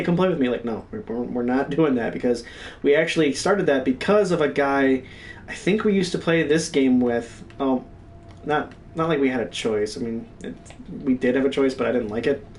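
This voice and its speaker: A young man telling gaming stories in a casual, profane, animated way. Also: mid-range voice, far from the mic. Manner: profane, animated, reenacts his own yelling. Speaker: stream co-host. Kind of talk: casual storytelling.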